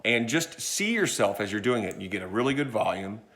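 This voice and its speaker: A man's voice: fairly low pitch, lively intonation, brisk, a bit bright. A man giving a casual how-to tutorial on filming skits, chatting and demonstrating as he goes, recorded on a phone about a foot away. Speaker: church video instructor.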